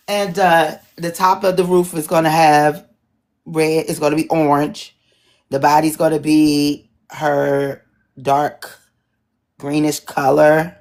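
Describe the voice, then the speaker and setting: A middle-aged woman moderating an online town hall, chatting casually with a husky voice and joking asides. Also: deep voice, flat delivery, takes it slowly, a little mellow. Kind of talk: casual chat to an audience.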